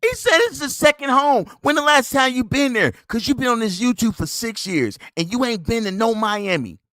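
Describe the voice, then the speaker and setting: High, lively, mocking podcast host man. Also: moderate pace, no room sound. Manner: mocking, scolding, laughs at the other man. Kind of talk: heated commentary on a played clip.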